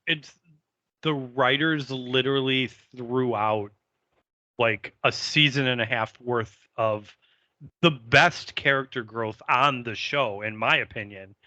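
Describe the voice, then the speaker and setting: A man speaks slowly and deliberately on a podcast, his voice bright and sharp as he lays out opinions. The recording is dry and a little dull, lo-fi in tone. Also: mid-range voice, fairly even intonation, no room sound. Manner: deliberate, opinionated, occasional swearing. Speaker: podcast co-host. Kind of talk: casual chat recapping a TV episode.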